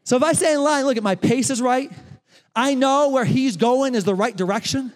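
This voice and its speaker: High-voiced male pastor in a big reverberant church. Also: moderate pace. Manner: animated, talks straight to the congregation. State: out of breath. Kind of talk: sermon with a live running demonstration. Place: church sanctuary. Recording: long reverb of a large church hall.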